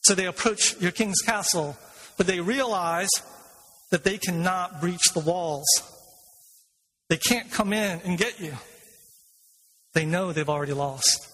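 A male pastor preaching a sermon in a church, asking the congregation questions and telling stories in a lively way. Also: high voice, unhurried, long pauses. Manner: retells a film scene with lively storytelling. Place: church sanctuary. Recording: long reverb of a large hall.

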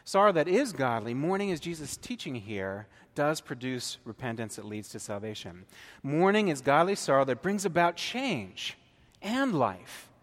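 A male pastor delivers a sermon in an easy, conversational way, often pausing to check that his listeners follow. His voice sits at an ordinary middle pitch, and a long reverb from a large church hall trails after his words. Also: very animated.

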